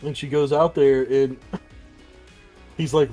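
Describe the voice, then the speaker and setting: A man's voice: mid-range voice, steady tone, mellow, faint music behind. A man co-hosting a podcast, recapping a comic book in a casual, rambling, profane way and briefly acting out the characters' lines. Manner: rambling, profane, acts out characters in quick asides. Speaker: podcast co-host.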